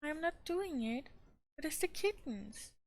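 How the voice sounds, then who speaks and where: Brief: woman playing soft, earnest little girl, higher voice, storybook. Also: sing-song, a little slow, exaggerated voice. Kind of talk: storybook read-aloud.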